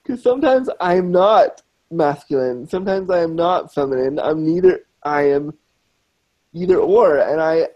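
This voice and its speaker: Frank, emphatic man with a mellow voice. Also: fairly high pitch, highs cut off. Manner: frank and emphatic, repeats points for stress. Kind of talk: casual chat.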